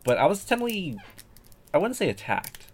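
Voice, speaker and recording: A man's voice: high-pitched, very animated, quick pace, breathy edge. A man talking casually as a podcast guest, rambling and hesitant with many fillers and restarts. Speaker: guest artist.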